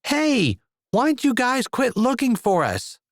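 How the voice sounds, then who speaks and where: Man doing a high, whiny young boy. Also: slow pace, dry recording, studio quality, full character voice. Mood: excited. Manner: excited, whiny. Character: boisterous young boy Vinton.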